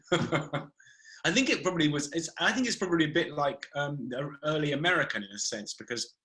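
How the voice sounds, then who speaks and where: A man's voice: fairly high pitch, lively intonation, normal speed, bright, forceful tone, rough recording. A man hosting a casual live video call chat, laughing often, chatty and playful.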